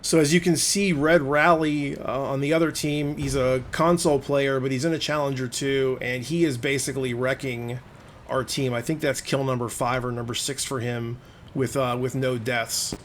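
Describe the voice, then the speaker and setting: Man giving relaxed gameplay commentary. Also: mid-range voice, normal speed, a little hiss or hum. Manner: conversational, explaining play as it unfolds; plain-spoken, openly admits frustration. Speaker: gaming video host.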